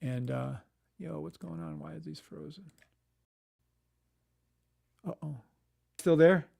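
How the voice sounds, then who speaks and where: Slightly high gravelly guy ranting on his livestream, swears a lot, mutters at his screen. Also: slow, darkish tone. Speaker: livestream host. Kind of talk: casual live-stream chat.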